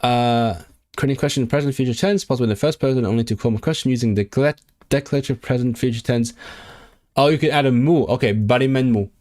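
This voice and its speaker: A man streaming himself as he studies a language, drilling phrases aloud in a halting, repetitive self-talk. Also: medium pitch, a little mellow. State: sore throat. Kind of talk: casual livestream study session.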